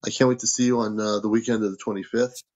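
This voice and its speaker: A man's voice: on the low side, flat delivery, fast, a little mellow, lo-fi sound. A man hosting a casual livestream from home, reading out viewer comments and thanking people for gifts. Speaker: livestream host.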